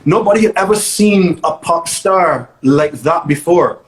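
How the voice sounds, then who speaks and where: A guest DJ from Barbados tells stories in a casual interview, animated and emphatically repeating himself. His voice is a little high and a little slow, and the recording is rough.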